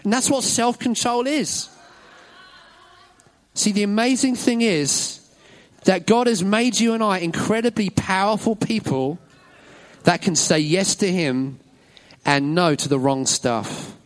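A man's voice: sits high, measured pace, pauses often. A man leading a children's talk in a church service, upbeat and encouraging, praising every answer. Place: church hall with an audience.

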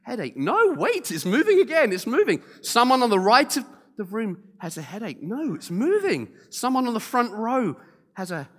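A man voicing an eager, flustered woman at a conference, frantic and rising in pitch. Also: sing-song, measured pace. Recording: long hall reverb.

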